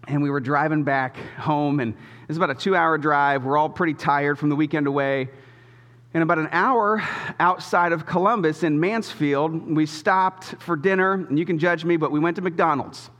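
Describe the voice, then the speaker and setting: A male pastor in his thirties delivering a sermon in a church auditorium, his voice a touch higher than most men's. He tells a family story casually and with animation, poking fun at himself, and a long reverb from the hall hangs on each phrase. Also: a bit bright.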